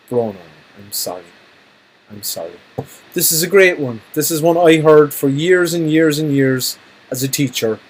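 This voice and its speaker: Teacher, male, husky, patient and jokey, drills phrases for kids. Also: medium pitch, rough recording. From Ireland. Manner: jokey, repeats phrases slowly for learners. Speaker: Irish language teacher. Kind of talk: recorded language lesson.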